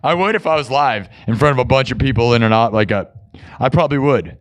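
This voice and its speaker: A man's voice: mid-range voice, animated, fast. A man from Iowa hosting a livestream, chatting in a rambling, playful, self-mocking way. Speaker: livestream music host. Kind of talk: casual livestream chat.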